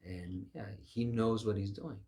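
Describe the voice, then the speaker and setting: Earnest low-voiced male preacher. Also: a little slow, dark tone. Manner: earnest, conversational, thinking aloud. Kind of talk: informal sermon.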